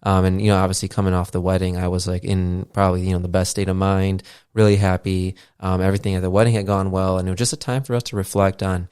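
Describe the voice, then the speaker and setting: A man's voice: low voice, level tone, fast talker, a little mellow, clean tone, dry recording, clean studio sound. A man in his thirties hosting a podcast, chatting loosely with lots of fillers and casual swearing. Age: 30s. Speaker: podcast host. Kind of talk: casual rambling monologue. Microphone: podcast mixer setup.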